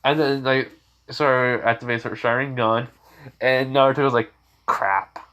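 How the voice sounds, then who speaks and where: A man's voice: mid-range voice, little pitch movement, moderate pace, a bit bright, dull audio. A man casually narrating a fan-made story, rambling with loose restarts. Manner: rambling, many fillers and restarts.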